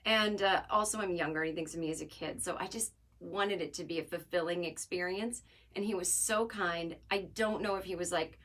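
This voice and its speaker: A woman in her forties hosting a podcast, telling a story in a chatty, self-deprecating way with lively asides. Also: on the low side. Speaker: podcast host. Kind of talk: casual storytelling monologue.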